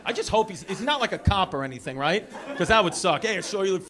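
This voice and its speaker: A man's voice: high voice, very animated, fast. A man in his thirties with a New York accent doing rambling, brash stand-up crowd work on a theater stage, swearing and riffing with the audience. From Brooklyn. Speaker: stand-up comedian. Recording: live theater with loud crowd laughter.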